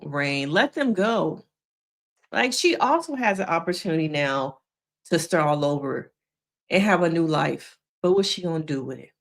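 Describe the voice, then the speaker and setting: An opinionated woman gives loose live commentary on a TV season. She has a slightly low voice and keeps checking in with the listener. Her delivery is chatty and frank. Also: fairly bright tone. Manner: opinionated, chatty, says "okay?" often. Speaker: therapist reviewing TV shows.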